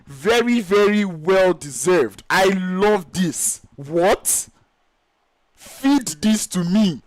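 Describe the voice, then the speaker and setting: A man whose first language is Yoruba, casting live esports play-by-play in an excitable, gushing, exclamatory way. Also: high voice, very slow, no room sound, poor audio. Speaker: esports caster.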